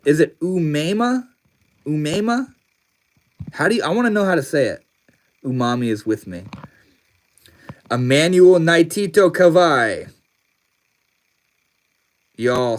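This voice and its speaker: A man's voice: mid-range voice, slight background noise. A young man hosting a casual livestream, talking loosely with lots of slang and swearing and laughing often. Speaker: livestream host.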